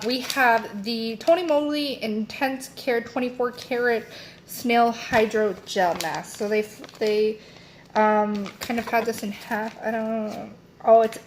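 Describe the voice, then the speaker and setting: A woman's voice: a little high, slight background noise. A young woman chatting casually as she unboxes beauty products, rambling with lots of fillers and self-corrections. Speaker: beauty vlogger.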